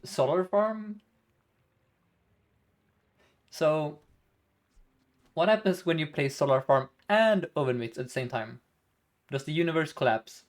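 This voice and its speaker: Slow-talking male game streamer. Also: on the high side. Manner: chatty, thinking aloud, often laughing. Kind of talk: live game commentary.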